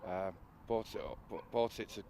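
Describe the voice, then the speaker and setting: A man with a fairly low voice tells a long story, stumbling over uhs and restarting his sentences. A faint outdoor ambience runs underneath. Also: normal speed, vocal fry, dark tone, a little hiss or hum. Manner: hesitant storytelling, many uhs, laughs at own story. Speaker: boat restorer. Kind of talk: casual interview anecdote.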